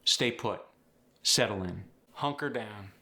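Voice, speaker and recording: A man voicing an easygoing Appalachian country man with a folksy, unhurried drawl. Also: lowish voice, bright, forceful tone, heavily acted.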